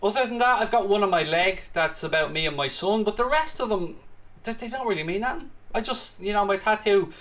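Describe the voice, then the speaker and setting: The watchalong host is a British man whose high-pitched voice sounds animated, brisk and fairly bright. Over a live football match, he mixes running commentary with playful jabs at the viewers chatting along.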